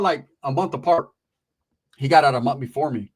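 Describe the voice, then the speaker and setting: A man's voice: mid-range voice, fairly quick, pauses often, a bit bright, slightly rough. A man, telling a story in a casual, slangy and profane way. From Merced area, California.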